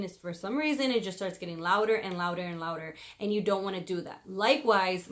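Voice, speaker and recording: A woman giving marriage advice in a casual vlog, talking loudly and passionately and laughing often. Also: medium pitch.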